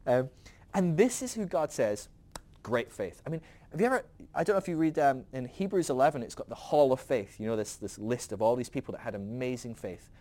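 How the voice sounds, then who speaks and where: A man's voice: medium pitch, lively intonation, brisk, mellow. A man hosting a podcast who teaches from the Bible in a casual storytelling way, laughing often.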